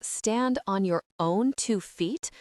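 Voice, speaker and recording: A woman's voice: mid-range voice, big pitch swings, a little slow, dry recording, studio quality. A woman voicing a sarcastic, clipped male bank manager in an audiobook. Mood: cold, sarcastic. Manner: scathing, clipped.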